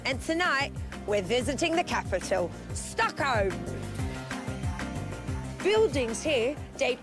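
A woman playing a clueless, chirpy, self-important Eurovision spokesperson in a comic mock travel report. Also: high-pitched. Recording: music playing underneath.

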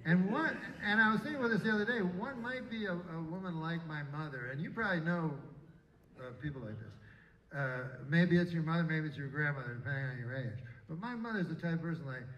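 A man in his fifties or sixties doing a live stand-up set in a casino, deadpan and halting, rambling with restarts. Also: fairly high pitch. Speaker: stand-up comedian. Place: casino stage before a live audience. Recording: echoey room, distant, dull audience recording.

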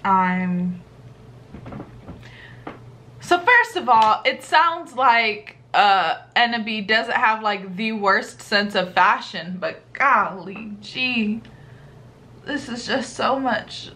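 A woman's voice: on the high side, extremely slow, pushed and bright. A woman hosting a reaction video, commenting casually with incredulous exasperation.

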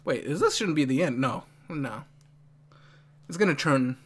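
In unhurried, medium-pitched casual commentary, an excitable anime reaction host laughs often and talks back to the screen.

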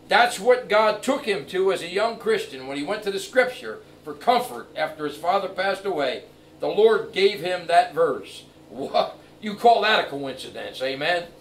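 A middle-aged man preaching a sermon, his voice set a bit high. He moves from quiet storytelling to emphatic, raised preaching. The recording picks him up from far off in an echoey church, with a faint hiss behind him. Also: lively intonation, normal speed. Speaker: evangelist.

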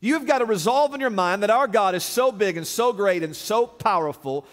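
A man preaching a sermon as pastor, dramatic, swinging from loud declarations to hushed, low lines. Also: expressive, normal speed. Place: large church sanctuary. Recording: long reverb of a large sanctuary.

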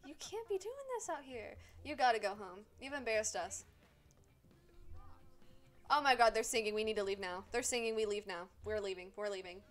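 A woman streaming a life-sim game, excitably scolding the characters and swearing freely in casual commentary. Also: medium pitch, normal speed, faint music behind. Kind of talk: casual live gameplay commentary.

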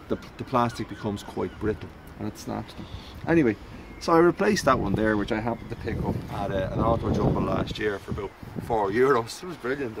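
A classic car hobbyist from North County Dublin, Ireland, speaks in a fairly low voice with background noise around him. Outdoors by a house in the cold, he rambles casually through a car repair how-to, chatty and self-deprecating and prone to sidetracks.

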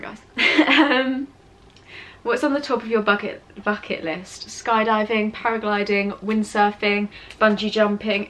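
A woman's voice: mid-range voice, fairly bright tone, a little hiss or hum. A teenage girl with an English accent, chatting through a casual Q&A vlog, giggly and rambling as she goes off topic. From England. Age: teens. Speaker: vlogger. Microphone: camera mic with ring light setup.

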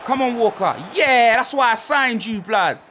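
A young man, commentating on his own football video game with excitable shouts and lots of slang. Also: very high voice, normal speed. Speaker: gaming streamer.

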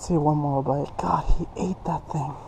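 A young man fishing by a lake outdoors, out of breath and shaking, hushed and excited, repeating exclamations as he lands a fish. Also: fairly high pitch, normal speed, gravelly, a little hiss or hum, rough recording. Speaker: fishing vlogger. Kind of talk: live excited commentary while fishing.

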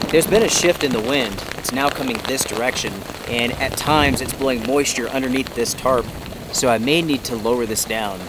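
A man's voice: medium pitch, normal speed. Man vlogging outdoors in heavy rain. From North Carolina. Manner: easygoing, chatty, addresses viewers directly. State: out of breath. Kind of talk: casual vlog narration to camera. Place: outdoors under a tarp in a rainy forest. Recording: outdoor camera mic with steady rain noise. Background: rain falling on a tarp.

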